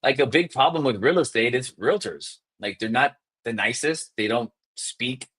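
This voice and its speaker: Upbeat male sales coach, quick and emphatic, mid-pitched, acts out phone scripts for trainees. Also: slightly rough. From South Florida. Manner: energetic, fast, emphatic, demonstrates scripts. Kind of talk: live coaching session.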